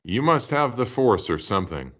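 A man's voice: medium pitch, very animated, normal speed, fairly bright tone. A man co-hosting a podcast, moving between a comedy skit and a guest interview with dry, pedantic asides. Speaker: podcast co-host.

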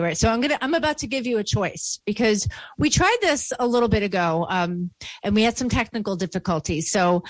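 A woman's voice: mid-range voice, no echo. A woman with a Western New York accent hosting a podcast, chatting and joking casually with her guest. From Buffalo, New York. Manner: chatty and upbeat, running playful games. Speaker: podcast host. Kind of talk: casual conversational interview.

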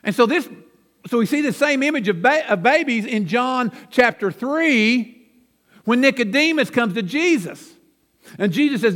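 A man's voice: extremely high pitch, expressive, unhurried, a bit bright, in a large hall. An older man preaching a sermon, telling folksy, self-deprecating family stories from the pulpit in a church. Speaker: pastor. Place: church sanctuary.

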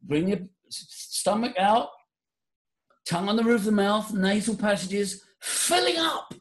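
A man talking as a voice coach guest in a podcast interview, leading a breathing exercise in a theatrical, animated way. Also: unhurried. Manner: animated, theatrical, jumps high for emphasis.

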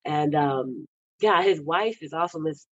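A woman's voice: low-pitched, a little slow, no room sound, dull audio. A young woman from Texas, a guest chatting casually in an interview, laughing often between stories. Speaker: athlete guest.

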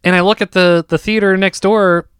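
Man spinning a story, excitable, smooth tone, dead dry room. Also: high-pitched, normal speed, no room sound. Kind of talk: casual storytelling chat.

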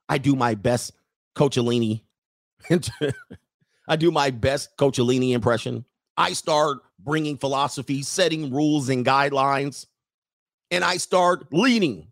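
A man hosting a livestream as a coach talks bluntly and crudely, and he often turns preachy. His voice sits at an average pitch. The sound is dry and close, with almost no room echo. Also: unhurried. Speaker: coach, podcast host. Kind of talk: livestream commentary reading chat.

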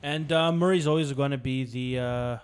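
A man hosting a podcast with a Toronto accent, talking in a rambling, halting way full of fillers. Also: medium pitch, clean tone. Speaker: podcast host. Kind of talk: casual chat.

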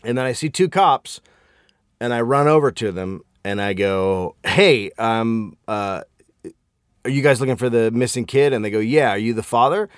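Brief: middle-aged male podcast host, profane, animated storyteller, mid-range voice, dry close mic. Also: mid-range voice, normal speed, smooth, no echo. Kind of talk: casual storytelling chat.

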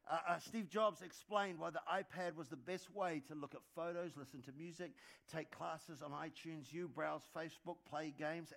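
High-voiced man preaching. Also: a bit bright. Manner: conversational preaching with quick asides and dad jokes; repeats words when building emphasis. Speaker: pastor. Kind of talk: sermon.

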